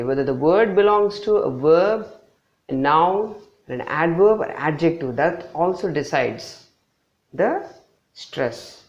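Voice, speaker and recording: Man, higher voice, Indian English accent, teacher, pronunciation lesson, patient, repeats example words.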